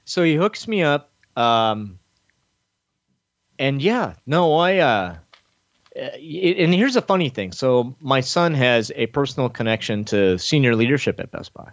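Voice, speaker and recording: An unhurried male podcast host shares a long, expletive-filled story in relaxed conversation. There's no echo, though the highs are cut off, and he brings other people's lines to life with sharp pitch jumps in his animated delivery.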